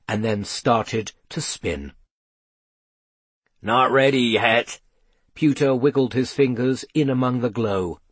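A man reading a children's fantasy story aloud in a measured storytelling delivery. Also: medium pitch, husky, dry recording. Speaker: audiobook narrator. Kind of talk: scripted narration.

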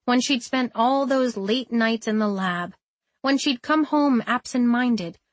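A woman reading a novel aloud as narrator, in a steady, measured way. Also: a little high, no echo. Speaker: audiobook narrator. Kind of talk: scripted narration.

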